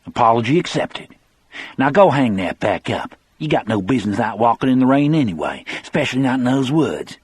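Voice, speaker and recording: A man's voice: mid-range voice, sing-song, fairly quick, slightly rough, no room sound, pitched above the performer's own voice. A man voicing a sneering, bullying male nursing-home orderly with mocking, menacing taunts.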